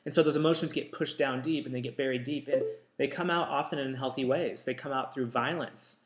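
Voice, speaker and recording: A man talks straight to his listeners in a casual, reflective way, often stopping with ums and starting over. His voice sits at a middle pitch, and the room gives it a clear echo. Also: fairly quick. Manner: reflective, many ums and restarts. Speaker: author and counselor. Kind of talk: casual talk to camera.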